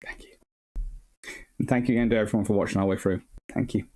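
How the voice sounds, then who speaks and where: A man's voice: fairly low pitch, fairly even intonation, quick pace, dark tone. A tired male history host and academic, rambling through a livestream sign-off and thanking viewers by name. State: tired, short on sleep. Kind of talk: livestream sign-off, reading chat.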